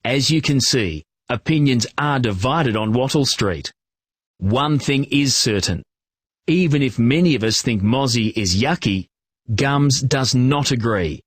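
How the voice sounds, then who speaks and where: A man narrating a children's reading program, giving clear, encouraging instructions and praise. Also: medium pitch, animated, measured pace, dry recording, studio quality.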